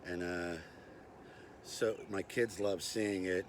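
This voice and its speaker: A man's voice: low voice, fairly even intonation, takes it slowly, a little hiss or hum. An older man hosting a casual knife and gear review vlog, chatty and self-deprecating with lots of "uh" and "anyway.". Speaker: knife review channel host.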